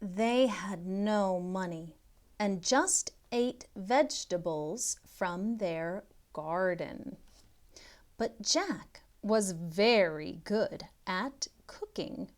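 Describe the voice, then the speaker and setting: A woman tutoring literacy, reading a storybook aloud to children in an expressive way, now and then dropping to a soft whisper. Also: mid-range voice, drawn-out words.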